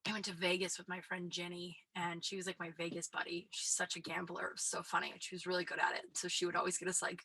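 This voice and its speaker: A woman in her thirties with a deep voice, hosting a solo podcast in candid, rambling, sweary chat that often sinks to a whisper. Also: monotone, fast, hardly any pauses, pushed and bright, husky, no room sound, low-quality recording. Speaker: podcast host.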